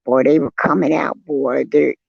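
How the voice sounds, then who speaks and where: Gravelly older man, shaken and earnest. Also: mid-range voice, steady tone, normal speed, no room sound. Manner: earnest, shaken storytelling with soft affirming hums. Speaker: guest on a live stream. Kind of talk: casual chat, personal account. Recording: dull, lo-fi, dry sound.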